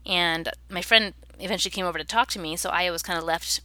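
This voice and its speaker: A woman's voice: on the low side, fairly even intonation, quick pace, pushed and bright, no room sound. A woman in her thirties, an interview guest, telling a personal story in an earnest, reflective way.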